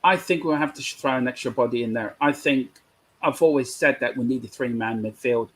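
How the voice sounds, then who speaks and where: A man with a husky voice, speaking as a guest in a casual fan chat. He is earnest and opinionated and sticks firmly to his views. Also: mid-range voice, fairly quick, rough recording. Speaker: guest pundit.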